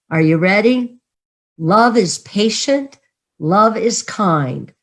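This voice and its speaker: A woman minister delivering a sermon, earnestly leading her congregation in affirmations. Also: fairly low pitch. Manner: warm, earnest preaching, leads congregation in affirmations.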